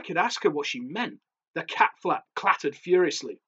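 A man, an author, reading his own horror story aloud in a measured, darkly theatrical way. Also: fairly high pitch, lively intonation, fairly bright tone, husky, dull audio.

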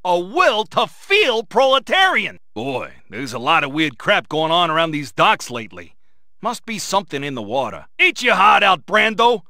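An actor voicing a brash dock worker in a video game, who grumbles in a rough working-class way. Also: male voice, high voice, sing-song, normal speed, pushed and bright, no echo, clean studio sound, exaggerated voice. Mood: grumbling. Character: brash male dock worker, would-be communist intellectual.

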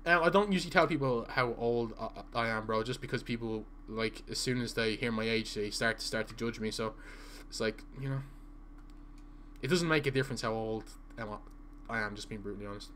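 A man's voice: medium pitch, fairly bright tone, a little hiss or hum. Stammering man chatting on a live stream. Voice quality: stutter. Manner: halting, repeats words, filler-heavy. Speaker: gaming streamer. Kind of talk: casual live-stream chat while playing.

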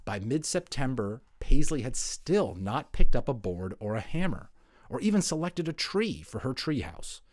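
Animated man reading a picture book. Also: mid-range voice, normal speed, no room sound. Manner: animated, chatty asides. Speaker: voice actor narrator. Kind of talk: children's book read-aloud.

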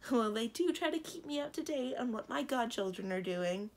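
Lady putting on a fussy fairy godmother, loud and brisk, high, gravelly storybook voice. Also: expressive. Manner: brisk and dismissive. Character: fussy older female fairy godmother, bossy.

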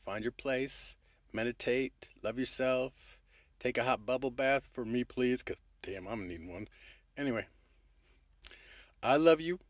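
A man's voice: mid-range voice, unhurried, long pauses, dry recording, studio quality. A man talking straight to his viewers in a rambling, affectionate, profane motivational monologue. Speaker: vlogger.

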